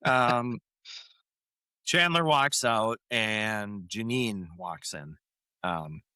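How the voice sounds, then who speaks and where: A man's voice: on the low side, extremely slow, smooth, no room sound. A man co-hosting a podcast, recapping a sitcom episode in casual chat and acting out the characters' lines between laughs. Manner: animated retelling, quoting lines with frequent laughs. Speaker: podcast co-host.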